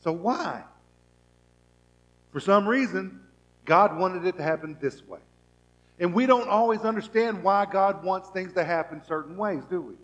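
A man preaching a sermon as pastor, asking the congregation rhetorical questions and acting out people's thoughts, swinging from soft to loud. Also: high-pitched, lively intonation, a little slow, pauses often, dull audio.

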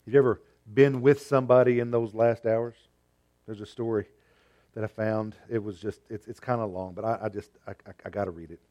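A man's voice: on the low side, fairly even intonation, brisk, highs cut off. Emphatic preacher, man. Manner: emphatic, with rhetorical questions; swings between loud and quiet. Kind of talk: sermon.

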